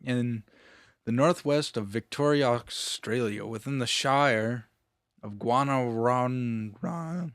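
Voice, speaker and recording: A man's voice: medium pitch, a bit bright, clean tone, no echo, clean studio sound. A man co-hosting a casual comedy chat, joking around and giggling often. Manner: joking, giggly, slow drawl. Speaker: podcast co-host.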